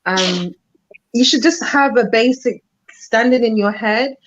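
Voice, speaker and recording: A woman's voice: on the high side, a little slow. A woman on a podcast panel, speaking hesitantly with many fillers through a headphone mic. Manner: hesitant, many ums, easygoing. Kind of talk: casual podcast debate. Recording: dull lo-fi online call audio.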